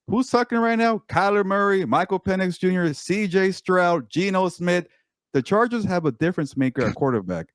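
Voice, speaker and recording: A man co-hosting a sports podcast as a columnist. He talks emphatically, often repeats words, and gets animated. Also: a little high, dry recording, studio quality. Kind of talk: casual sports talk.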